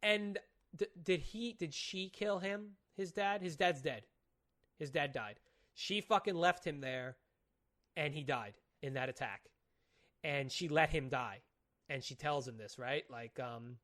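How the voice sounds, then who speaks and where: A man with a fairly high, lightly raised voice co-hosts a casual podcast chat, talking fast and loose. He excitedly retells plots while piling on curse words, stumbling and restarting as he goes.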